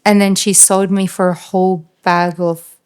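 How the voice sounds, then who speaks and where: Aussie woman on a podcast, flat monotone, lots of um and like. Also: medium pitch, clean tone. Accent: Australian. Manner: flat, halting retelling with many fillers. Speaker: podcast guest. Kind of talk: casual storytelling.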